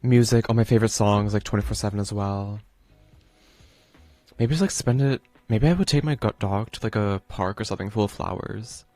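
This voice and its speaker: A man's voice: fairly low pitch, a little fast, warm tone, dry recording, faint music behind. Rambling, playful male game streamer. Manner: rambling and playful, with many fillers like "like". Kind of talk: casual play-through commentary, reading game text aloud.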